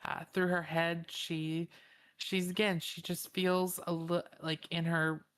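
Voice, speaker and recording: A woman's voice: lowish voice, flat delivery, slow pace. A woman describing her character in a tabletop game, hesitant and searching for words. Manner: hesitant, many fillers and restarts. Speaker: player.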